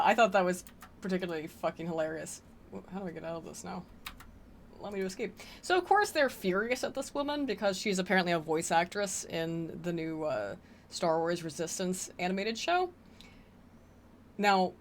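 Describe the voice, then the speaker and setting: A woman's voice: mid-range voice, slight background noise. A woman hosting a casual live-stream Q&A, rambling with laughing asides. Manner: rambling, frequent fillers and restarts, laughing asides.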